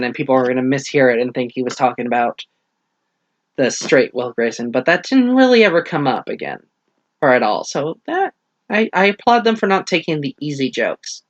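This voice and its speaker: A young man rambling through a casual book review, retelling the plot with lively acted-out quotes. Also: a little high, dry recording, dull audio.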